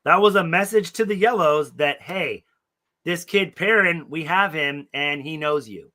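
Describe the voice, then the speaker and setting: A man with a somewhat high, bright and forceful voice rants through a casual podcast chat. He swears freely and tells long workplace stories. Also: a little slow. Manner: ranting, swears a lot. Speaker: podcast co-host.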